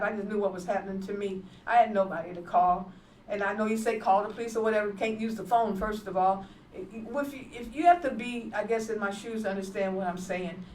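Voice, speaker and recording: A woman's voice: medium pitch, slight background noise. A woman evangelist giving her testimony in an emphatic, repetitive, plainspoken way. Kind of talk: testimony preaching. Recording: echoey room from far off.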